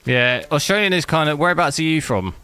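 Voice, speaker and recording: A man's voice: on the high side, big pitch swings, brisk, bright, forceful tone, smooth. A man from England with an English accent, chatting casually to viewers while streaming a game, rambling and hunting for words. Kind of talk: casual live-stream chat while gaming.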